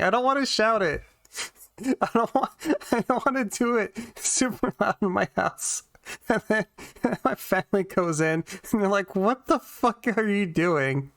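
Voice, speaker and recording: A woman's voice: a little high, lively intonation, moderate pace, no echo, studio quality. A woman streaming a video game, chatting casually with her viewers in a giggly, self-conscious way from her home. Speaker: vtuber streamer. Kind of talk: casual let's-play commentary. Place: home room.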